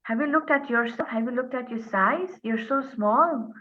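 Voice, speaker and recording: A quick-witted young girl who puts her companion in his place with pointed questions, as a woman storyteller plays her. Her voice is raised high. It sounds thin, as if over a phone. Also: close to an everyday voice. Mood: mocking. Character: sharp-tongued young girl, practical and teasing. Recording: tinny phone-like line.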